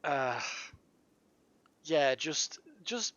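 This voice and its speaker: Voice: medium pitch, expressive, extremely slow, fairly bright tone, no echo. A streamer chatting casually through a live game session, giggling often and rambling through restarts. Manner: giggly, keeps breaking into laughter; rambling, full of restarts and fillers. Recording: dull lo-fi dry mic.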